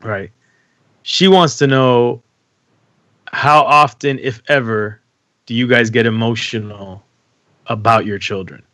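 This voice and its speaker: Rambling man with a bright voice. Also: medium pitch, takes it slowly, pauses often, no room sound. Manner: rambling, lots of "like", self-correcting. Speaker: podcast co-host, expectant father. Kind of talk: casual chat.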